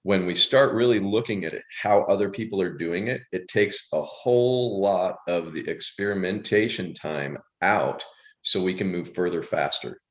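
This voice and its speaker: Casting: deep-voiced male co-coach, measured and explanatory, on a video call. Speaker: co-coach and guest. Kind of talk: conversational business talk.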